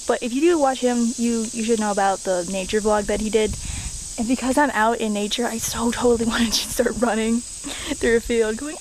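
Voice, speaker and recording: Giggly high-voiced young woman vlogging. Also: slight background noise, rough recording. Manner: giggly, rambling, self-deprecating. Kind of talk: casual chat to camera. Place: outdoors in nature.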